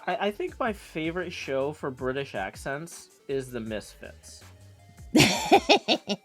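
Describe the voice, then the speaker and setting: A man streams live, chatting casually, reading out viewer messages and thanking tippers. His voice is a little high and a bit bright, with huge pitch swings, and he takes his time. Faint music plays behind him.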